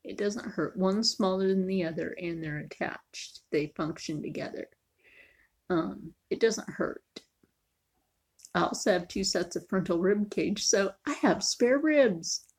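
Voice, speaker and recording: A woman's voice: mid-range voice, a little slow, a little mellow, slightly rough. A woman chatting casually in a cooking vlog, joking and often dropping to a near whisper. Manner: chatty, jokey, sometimes drops to a near whisper. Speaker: vlogger.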